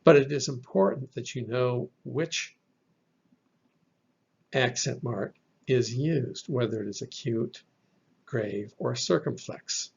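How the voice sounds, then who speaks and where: A man teaching a slide-based lesson on Bible Greek, explaining slowly and patiently with a few fillers. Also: mid-range voice, gravelly, darkish tone, muffled recording, slight background noise.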